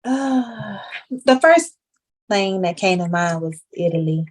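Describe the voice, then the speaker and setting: A woman's voice: medium pitch, slow. A woman in her thirties from Jacksonville with a country Southern accent, a podcast guest telling joking stories in casual chat. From Jacksonville, Florida. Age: 30s. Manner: joking, animated storytelling.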